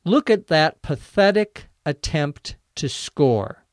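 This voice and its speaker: A man gives a light reading of a rowdy adult male fan in the stands, taunting the other team. The voice sits a little high and moves at a slow, deliberate pace. The sound is dry and close. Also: big pitch swings, dry recording. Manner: loud taunting yells.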